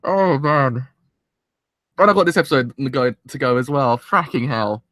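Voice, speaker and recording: A man's voice: mid-range voice, expressive, normal speed, a bit bright, dry recording, studio quality. A man hosting a live anime reaction, tearful and emotional, rambling and swearing mildly as he talks. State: tearful, crying. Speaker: anime reaction channel host.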